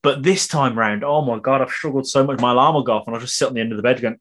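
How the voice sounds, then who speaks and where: A man's voice: medium pitch, rapid-fire, a bit bright. A man co-hosting a podcast, chatting casually about his week, laughing easily and sounding worn out. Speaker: podcast co-host. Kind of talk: casual chat.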